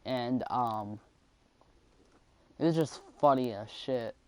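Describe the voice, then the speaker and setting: A man's voice: medium pitch, slow pace, darkish tone. A young man telling a school story in a casual vlog, rambling with lots of swearing and fillers.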